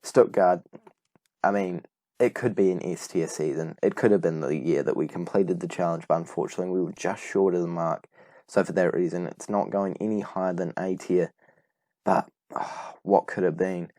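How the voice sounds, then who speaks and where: Deep-voiced gaming commentator. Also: male voice, fairly even intonation, moderate pace, warm tone, no room sound. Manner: rambling, self-correcting, enthusiastic. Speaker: gaming YouTuber. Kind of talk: casual game commentary.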